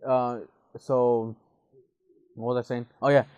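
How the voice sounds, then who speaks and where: A man's voice: mid-range voice, level tone, takes it slowly, darkish tone, clear, resonant tone, recorded from a distance, lo-fi sound. A young man in casual podcast chat, telling rambling stories with lots of swearing. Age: young adult. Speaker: podcast co-host.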